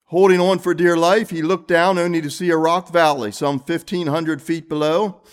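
A high-voiced man preaches an evening sermon in church. He reads scripture and turns often to the congregation with earnest questions. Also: fairly even intonation, a little slow, clear, resonant tone.

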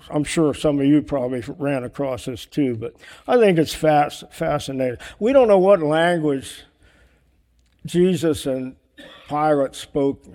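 Male preacher, earnest and questioning, somewhat high voice with a dark, mellow tone, sermon delivery. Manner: earnest, asks rhetorical questions; writes on a board while teaching.

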